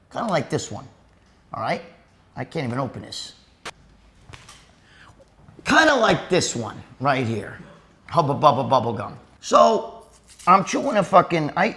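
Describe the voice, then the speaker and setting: A man's voice: a little high, fairly bright tone. A man in his fifties telling a crude comic story, profane and rambling, addressing viewers directly. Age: 50s. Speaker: host, storyteller.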